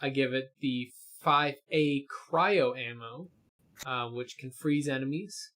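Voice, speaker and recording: A man's voice: mid-range voice, takes it slowly, a bit bright. Guy on a gaming stream, lots of ums, talks through loadouts, mic over voice chat. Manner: hesitant, many fillers and restarts, explaining game builds. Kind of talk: casual chat while gaming.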